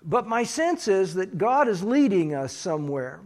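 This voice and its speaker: Pastor, male, high voice, unhurried, hesitant delivery full of fillers. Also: big pitch swings. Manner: slow, halting, many fillers. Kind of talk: sermon recap.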